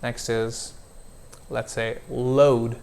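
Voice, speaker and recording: A male pronunciation coach speaks at a slow, unhurried pace. He draws out each vowel sound as he models words for a student. His pitch sits in a plain middle range. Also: flat delivery, gravelly, darkish tone, slight background noise. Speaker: accent coach. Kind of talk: one-on-one pronunciation lesson.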